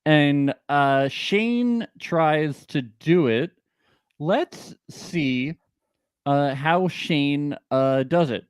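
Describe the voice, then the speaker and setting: Male co-host, casual recap chat, jokey, fairly high voice, unhurried. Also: smooth, no room sound, studio quality. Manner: jokey, laughs often, fillers. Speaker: podcast co-host.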